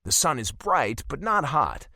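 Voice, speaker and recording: Guy reading a romance audiobook, lively bright voice, super dry booth sound. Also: on the high side, a little slow, gravelly, no room sound. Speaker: audiobook narrator. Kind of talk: scripted first-person narration.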